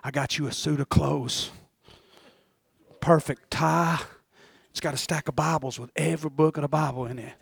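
Man plays a meek friend bearer, deep murmur, earnest, coaxing, a touch of fry. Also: fairly even intonation, normal speed, long pauses. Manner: soft, hushed, coaxing.

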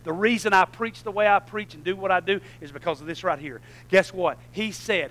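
A middle-aged man, preaching a sermon that swings between low conversational asides and loud, shouted passages. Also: a little fast, poor audio.

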